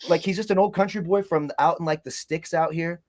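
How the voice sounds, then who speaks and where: A man's voice: fairly high pitch, fairly even intonation, a little fast, slight background noise. A man co-hosting a casual chat, telling long rambling stories with plenty of swearing. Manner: rambling, profane storytelling. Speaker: co-host.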